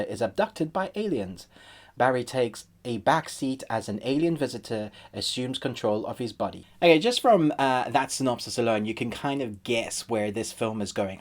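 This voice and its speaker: A man's voice: medium pitch, darkish tone. Chatty man reviewing a film. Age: adult, married. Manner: chatty and conversational, acts out viewers' reactions. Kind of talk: casual video review.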